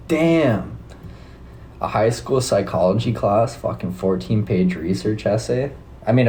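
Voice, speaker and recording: A young man with a Canadian accent talks loosely to his stream audience, relaxed and swearing now and then. His voice sits deep and dark in tone. A faint hiss of noise runs underneath. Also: low-quality recording. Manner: laid-back, swears casually, chats with viewers. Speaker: livestream host. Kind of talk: casual live-stream chat with viewers.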